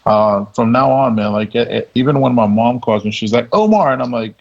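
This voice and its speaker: Gravelly-voiced man telling war stories. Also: medium pitch, steady tone, a little fast. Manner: laid-back, laughs as he tells stories. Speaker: guest. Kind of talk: casual storytelling. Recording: dull lo-fi audio.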